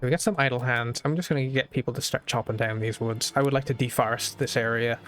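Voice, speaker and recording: A man's voice: medium pitch, fairly even intonation, quick pace, a bit bright. A young Irish man streaming a strategy game, chatting casually and thinking aloud with lots of fillers. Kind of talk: casual gaming stream chat.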